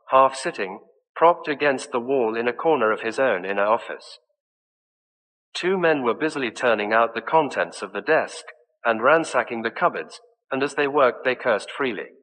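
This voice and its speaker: A man reading a mystery story aloud as an audiobook narrator, in an even, measured way. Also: mid-range voice, in a large hall, poor audio.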